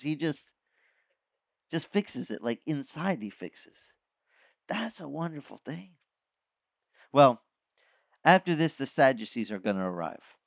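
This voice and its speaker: A man's voice: mid-range voice, dry recording. Folksy preaching man, dry close sound. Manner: animated, folksy, acts out quoted voices, frequent restarts. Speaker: pastor. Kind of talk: conversational sermon.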